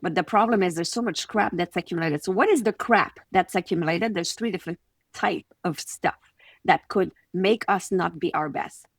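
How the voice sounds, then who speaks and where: Quebec French-accented woman, podcast guest coach, lowish voice, close and dry, animated storyteller. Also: normal speed, no room sound. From Quebec City, Canada. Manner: animated, acts out little scenes in quoted voices. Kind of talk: conversational podcast interview.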